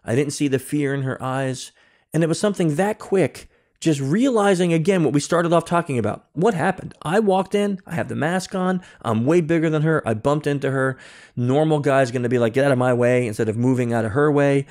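A man's voice: mid-range voice, a little fast, a little mellow. A man telling a personal story as a podcast guest, acting out dialogue with many restarts, recorded over a remote call. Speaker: guest, security consultant. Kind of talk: conversational storytelling.

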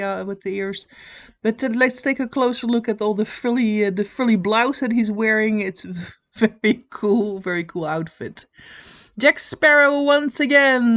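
Woman crochet host, chatty, giggles a lot, lots of uhs, super enthusiastic. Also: medium pitch. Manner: chatty and giggly, with frequent 'uh' pauses; enthusiastic, piling on cute and cool. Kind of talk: casual commentary over pattern pictures.

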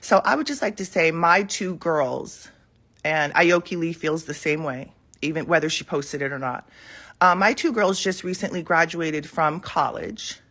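Speaking into the phone she holds, a woman in her forties chats with viewers from home one morning in a casual live session. Her deep voice is animated and a bit bright at a moderate pace, and she rambles, um-ing frequently.

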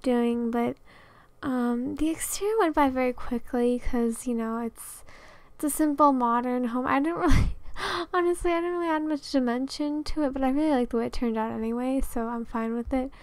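Giggly, high-voiced young woman rambling casually. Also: normal speed, a little mellow, dry recording. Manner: chatty, rambling, giggly, many fillers. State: out of breath. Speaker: Sims builder and video creator. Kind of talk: casual voice-over commentary.

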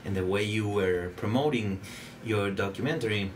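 A man with a Spanish accent hosts a relaxed interview podcast. His voice sits on the low side and he circles his questions with fillers and restarts. Clear background noise hangs in the room. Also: moderate pace. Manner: hesitant, many fillers and restarts. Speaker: podcast host. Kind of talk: casual interview chat.

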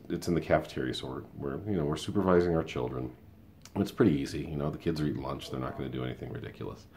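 A man's voice: a bass voice, darkish tone, slight background noise. A man in his fifties giving a rambling, conversational opinion monologue with many asides. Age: 50s. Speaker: school paraprofessional and show host.

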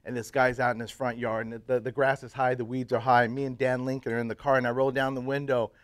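A man in his fifties, a church pastor, casually telling his life story to a men's breakfast group, swinging from loud, laughing bursts to quiet, earnest stretches. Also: medium pitch, little pitch movement, fast, dry recording. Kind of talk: casual personal testimony talk. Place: live talk to a roomful of men at a breakfast.

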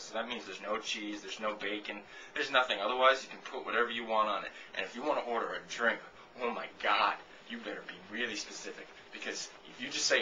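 A man's voice: mid-range voice, fast, sharp tone, slight background noise, rough recording. A man in his twenties talking casually to camera. He rambles through a comic, sarcastic rant and swears freely. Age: 20s. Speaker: vlogger answering a viewer question.

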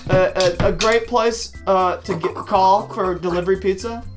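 A man hosts a children's show in a playful, animated way, his voice sitting a little high. He laughs often and trips over repeated words as he chats, with soft music running underneath. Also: normal speed. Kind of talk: playful kids' show chatter.

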